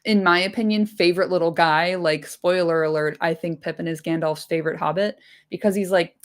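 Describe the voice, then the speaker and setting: A woman's voice: fairly low pitch, fairly even intonation, a little fast. A woman hosting a casual book-chat podcast, rambling along with lots of fillers and cheerful swearing. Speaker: podcast host.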